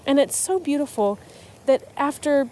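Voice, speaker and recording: Mellow-voiced chatty woman podcaster. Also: high-pitched, lively intonation, moderate pace. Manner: chatty and emotional, with frequent restarts. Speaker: podcast host on writing. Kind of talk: casual solo podcast talk.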